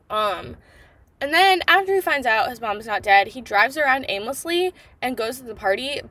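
A woman's voice: medium pitch, fairly bright tone. A woman hosting a book podcast, chatting casually and rambling with lots of fillers. She gushes and gets exasperated, swearing freely. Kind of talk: casual book review chat.

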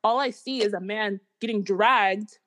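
A woman in casual podcast chat, telling a story in slangy, animated talk. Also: mid-range voice, a little slow.

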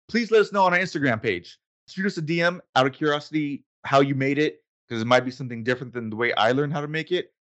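A man's voice: medium pitch, fairly bright tone, dull audio. A young man co-hosting a casual podcast, jokey and prone to giggling fits. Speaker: podcast co-host. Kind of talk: casual chat.

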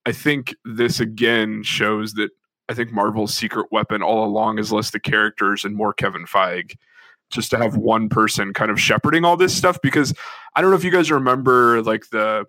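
A man's voice: lowish voice, steady tone, normal speed, sharp tone, no room sound. A man co-hosting a casual podcast, rambling along with lots of fillers. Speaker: podcast co-host.

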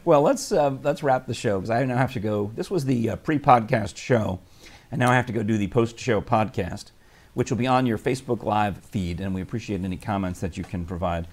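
A man's voice: fairly low pitch, brisk. A middle-aged man hosting a casual chat show, talking in a playful, teasing way. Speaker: host.

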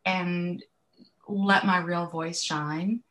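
A woman's voice: fairly low pitch, steady tone, very slow, fairly bright tone. A woman in her late fifties with a Southern US accent, a podcast guest speaking candidly in a casual interview. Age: 50s.

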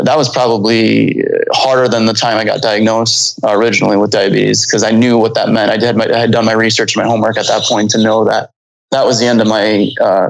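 A man's voice: fairly low pitch, creaky, rough recording. A man in his thirties, a pilot, telling a long story in a casual interview, rambling with many fillers and restarts. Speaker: pilot guest.

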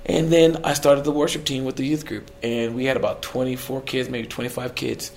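A middle-aged man, a worship leader, telling his story in a podcast conversation, animated and acting out the voices he quotes. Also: mid-range voice, fairly quick, background noise.

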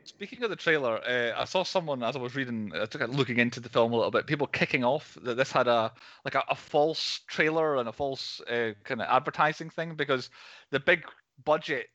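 A man's voice: mid-range voice, brisk, a bit bright, dry recording, muffled recording. A man co-hosting a casual film review podcast, rambling and laughing between points. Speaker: podcast co-host.

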